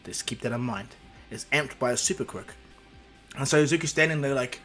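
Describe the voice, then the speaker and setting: A man's voice: medium pitch, fairly quick, a bit bright, faint music behind. A man casually retelling a fan-made story, rambling with restarts and asides.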